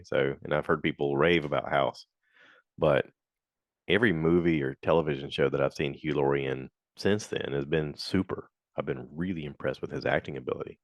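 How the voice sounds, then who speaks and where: A man hosting a casual solo podcast, rambling through reviews with lots of fillers and acted-out quotes. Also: dry recording. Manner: rambling and chatty, acts out quotes in high voices. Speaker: podcast host.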